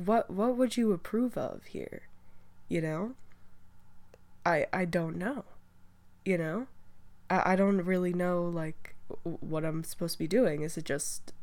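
A woman's voice: fairly low pitch, warm tone. A young woman hosting a casual solo talk show, rambling chattily with lots of fillers and restarts, a bit stuffy from allergies. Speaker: podcast host.

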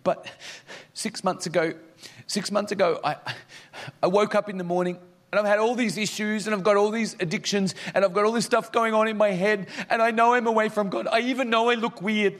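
A man voicing a frightened young woman in goth clothes, who pleads haltingly and repeats herself. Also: medium pitch, steady tone, voice pushed up, lightly acted. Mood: pleading.

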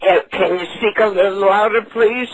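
In poor audio with no echo, a man makes a prank call voicing a confused, frail old woman. The voice is high, quavering and creaky, with fairly even intonation at normal speed, and sounds muddled as he rambles, stammers, mishears and repeats himself.

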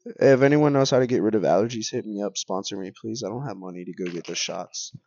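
A man's voice: fairly low pitch, fast, vocal fry, a little mellow, highs cut off. A young man co-hosting a casual podcast, stuffy and coughing from allergies, joking and swearing a lot. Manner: joking, swears often, says "dude" and "bro". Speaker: podcast co-host. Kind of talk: casual chat.

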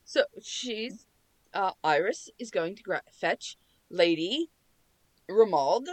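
A woman player talks through her turn casually, pausing and restarting. Her pitch moves around lively, and the recording is dry and close. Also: no room sound. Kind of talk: casual tabletop play.

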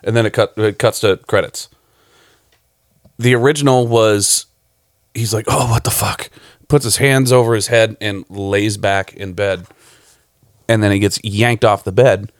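A man, a film director guesting on a podcast, telling profane, animated stories in casual chat. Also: on the low side, unhurried, long pauses, no room sound, studio quality.

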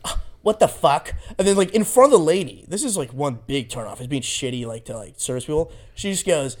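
Animated, profane young man telling stories. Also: medium pitch, fast. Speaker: podcast co-host. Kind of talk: casual storytelling chat.

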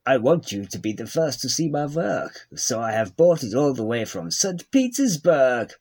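Brief: man playing a pompous scientist, husky, lively swooping delivery. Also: mid-range voice, normal speed. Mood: boastful. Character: excitable Russian scientist, pompous and proud.

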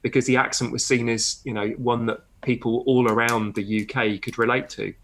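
A man's voice: mid-range voice, flat delivery, fairly quick, fairly bright tone, slight background noise. A man from southern England co-hosting a language podcast, talking casually with many fillers. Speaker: podcast co-host. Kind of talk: casual discussion.

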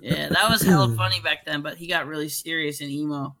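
A man's voice: a little high, a little fast, a loud crowd. A man joining a podcast chat, teasing and mocking the others. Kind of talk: casual chat.

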